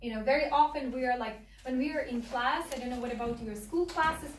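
Give me a high-pitched woman with a Ukrainian accent, a native Russian speaker, teaching and checking in with "okay?", heard from a distance in an echoey room. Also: brisk, slight background noise. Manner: many fillers, repeated "okay?" checks. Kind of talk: classroom instruction. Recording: echoey room, mic far off.

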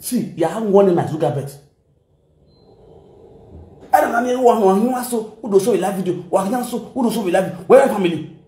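A Nigerian man rants casually and mockingly, in a high voice full of big swings in pitch. He is recorded in a roomy space that echoes around him. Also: dark tone. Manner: mocking, mixes pidgin and local languages. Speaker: online commentator. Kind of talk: casual ranting commentary.

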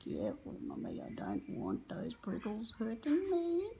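A woman's voice: on the high side, huge pitch swings, a little slow, vocal fry, mellow, a little hiss or hum, exaggerated voice. A woman voicing her pet female grey parrot in a babyish, coaxing tone. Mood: pleading.

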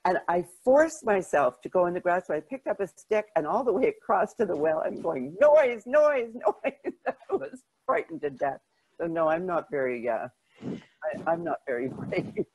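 An older woman, a journalist, answers interview questions with lively anecdotes, stumbling restarts and self-deprecating laughter. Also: lowish voice, normal speed, breathy edge, poor audio. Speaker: guest, journalist.

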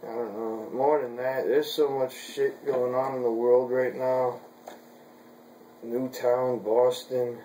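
A man talks slowly and casually to the camera from his home, his voice mellow and unhurried. He sounds plainly frustrated with his equipment, and a faint hum of room noise sits under him. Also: medium pitch, echoey room, rough recording. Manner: frustrated, swearing at gear. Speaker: vlogger.

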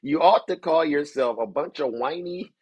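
A man's voice: a little high, moderate pace, breathy edge, dry recording. A man hosting a political commentary show, ranting to his viewers in a theatrical, mocking showman manner. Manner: theatrical, mocking, showman-like, keeps saying "ladies and gentlemen".

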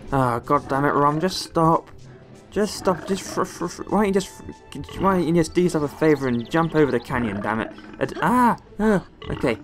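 A man's voice: fairly high pitch, animated, moderate pace, soft background music. A young man from the West Country of England doing let's play commentary, exclaiming and grumbling at the game as he plays. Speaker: gaming video host.

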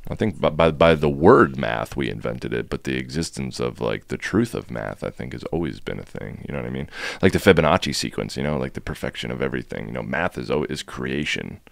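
A man's voice: rumbling low, lively intonation, brisk, vocal fry, hardly any pauses, no room sound, studio quality. A man guest on a podcast, telling a story casually and animatedly, swearing and acting out quotes.

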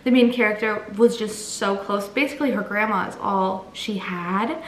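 A woman's voice: medium pitch, normal speed, a little hiss or hum. A young woman in her twenties chatting casually in a reading vlog, emotional and laughing often. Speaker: book vlogger.

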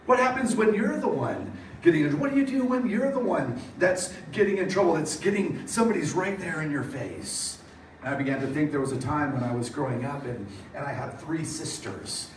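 A man's voice: fairly high pitch, a little fast, slight background noise. A middle-aged man preaching a sermon, telling stories and acting out the voices of the people in them. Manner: storytelling with animated quoted voices. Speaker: pastor. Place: church hall. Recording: echoey hall from far off.

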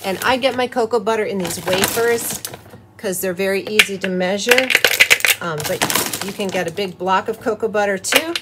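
The recording is very noisy as a middle-aged woman, hosting a soap-making channel, chats cheerfully through each step of her home craft. She speaks at a moderate pace in a mid-range voice, laughing softly now and then.

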